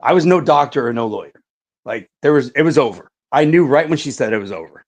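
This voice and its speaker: A man's voice: mid-range voice, animated, fast talker. Man telling stories, full of "like" and swearing. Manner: swears a lot, says "like" and "right" often. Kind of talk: casual podcast storytelling.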